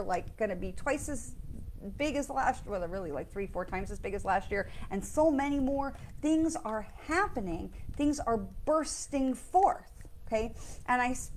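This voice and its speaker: A middle-aged woman who works as a psychic medium hosts a weekly live of casual spiritual talk with card readings. She chats enthusiastically and often checks in with her listeners, her mid-range voice over slight background noise.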